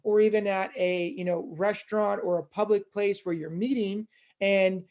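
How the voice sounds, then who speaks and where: A fundraising instructor giving a conversational lecture, with many casual fillers, who gets louder and quicker when excited. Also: medium pitch, muffled recording.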